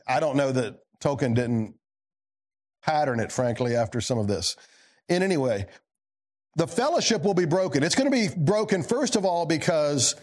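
A man preaches to his congregation, posing questions to them as his delivery swings from emphatic lines down to quiet, low asides.

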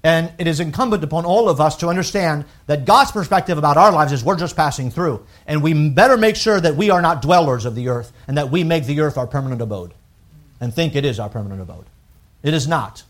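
A man preaching a sermon, emphatic and swelling to loud peaks on key points. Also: on the high side, animated, brisk. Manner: emphatic, rising to loud peaks when quoting scripture and critics. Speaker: pastor.

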